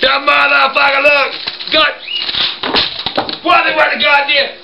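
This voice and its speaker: Brief: older man, high-pitched, nonstop profane rage, noisy home-video sound. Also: little pitch movement, measured pace, gravelly. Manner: cursing nonstop, yelling in fits of rage. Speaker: family member being filmed.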